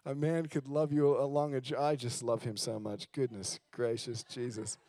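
A man preaching a sermon in a church, telling candid, self-mocking stories and swinging between loud emphasis and low, hushed lines. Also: flat delivery, moderate pace. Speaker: guest preacher. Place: church sanctuary.

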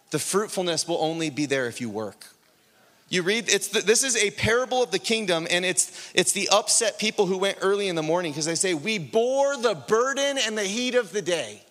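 Male pastor, slightly high voice, lively storyteller preaching a sermon, long hall reverb. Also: a little fast. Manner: storytelling, animated, acts out dialogue, builds to urgent exhortation.

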